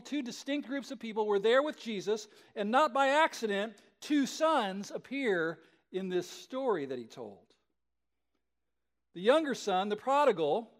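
A male pastor telling a story in a sermon, conversational and animated, often checking in with the listeners. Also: high-pitched.

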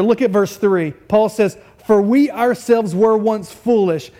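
High-voiced preacher asking pointed questions. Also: male voice, measured pace. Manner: asks the congregation many direct rhetorical questions; rises loud and high for emphasis, drops quiet and low to press a point. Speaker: pastor. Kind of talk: sermon. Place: church.

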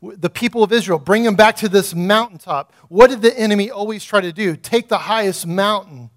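A man's voice: high voice, brisk. A man preaching a sermon, building to fervent, repeated emphatic calls.

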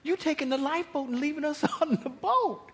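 Sassy, scolding widow played by a male preacher, pitched up high and loud. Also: wildly swooping pitch, slow, full character voice. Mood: exasperated. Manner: incredulous, scolding, colloquial. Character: exasperated, sassy starving widow woman.

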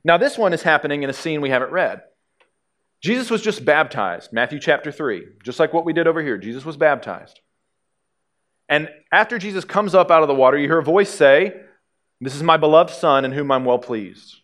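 A male pastor delivers a sermon in a relaxed, conversational manner, slipping in dry jokes as he goes. His voice sits a little higher than most men's. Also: fairly quick.

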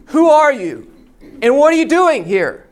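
A preacher putting on a stern Roman guard who shouts challenges through the dark during a sermon story. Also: high-pitched, sing-song, a little slow, voice pushed up. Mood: demanding.

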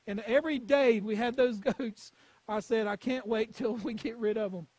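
A man's voice: very high-pitched, normal speed, darkish tone, husky, no echo, low-quality recording. A male pastor preaching a sermon, telling stories and stressing points with repeated phrases.

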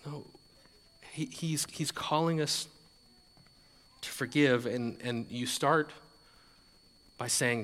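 Bright-voiced man preaching in a reverberant hall. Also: mid-range voice, takes it slowly, pauses often. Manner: conversational, repeats words, laughs lightly, acts out quotes. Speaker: pastor. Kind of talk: sermon.

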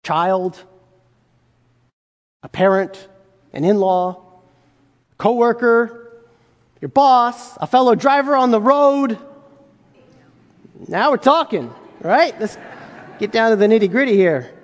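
A man preaches with a strikingly high voice, talking to his congregation casually and firing rhetorical questions at them. His voice rings out with the long reverb of a large hall. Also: lively intonation, unhurried, long pauses. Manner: conversational, rhetorical questions, acts out quoted voices. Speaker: pastor. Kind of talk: sermon.

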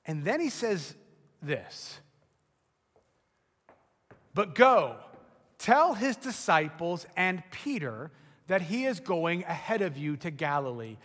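A man preaching a sermon, telling the story dramatically and acting out the voices, building to shouts. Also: on the high side, big pitch swings, slow pace, long pauses, long reverb tail. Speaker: pastor.

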